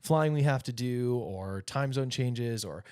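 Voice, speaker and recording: A man in his thirties co-hosting a casual podcast chat, animated and jokey, rambling through stories. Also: mid-range voice, measured pace, clear, resonant tone, dry recording, studio quality. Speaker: podcast co-host.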